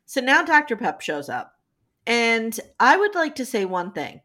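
A woman's voice: a little high, very animated, unhurried, sharp tone. A woman co-hosting a casual podcast chat, recapping episodes with wry asides, sniffly with a cold. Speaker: podcast co-host.

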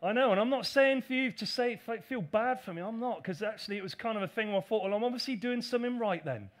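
High-voiced pastor preaching. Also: male voice, fast. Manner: animated, acts out voices of critics. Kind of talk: sermon.

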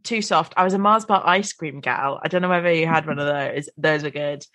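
A woman co-hosting a podcast, talking in a relaxed, conversational way. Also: deep voice, fairly quick, dry recording. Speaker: podcast co-host. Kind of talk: casual chat.

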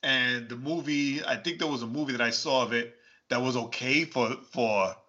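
A man co-hosting a podcast in casual chat, telling stories in an animated, exclaiming way and laughing often. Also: medium pitch, moderate pace. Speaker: podcast co-host. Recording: dull, lo-fi podcast audio.

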